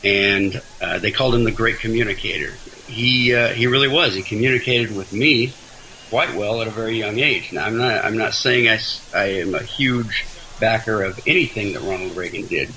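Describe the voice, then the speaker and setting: A man talking casually as an interview guest, with a very bright, forceful voice. He is chatty and self-deprecating and often stumbles and restarts mid-sentence. Faint hiss sits under the recording. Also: on the low side, rough recording.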